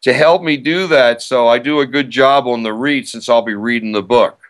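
An older man, an author and radio host, speaks at medium pitch and a moderate pace in a podcast interview. He's casual and eager, chatty and self-promoting, and often restarts his sentences.

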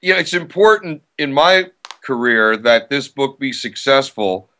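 A man's voice: medium pitch, animated, unhurried, pushed and bright. An older man, an author and radio host, talking casually and eagerly in a podcast interview, with frequent restarts. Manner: chatty, self-promoting, frequent restarts.

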